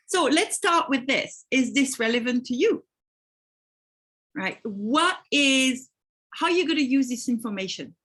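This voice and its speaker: Woman, French accent, webinar host, friendly, greets people by name, fairly high voice, video call mic. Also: fairly bright tone. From France. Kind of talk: live online webinar.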